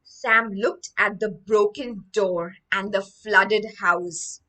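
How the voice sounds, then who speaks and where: A woman's voice: medium pitch, takes it slowly, sharp tone, recorded from a distance, low-quality recording. A woman teaching English vocabulary through a story, explaining each line after she reads it.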